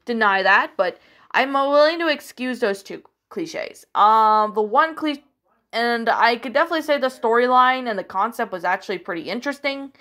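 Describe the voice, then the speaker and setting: A woman's voice: on the high side, animated, moderate pace, pushed and bright. A woman casually reviewing a story she narrated, rambling with many fillers and restarts, hesitant and apologetic. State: hiccuping.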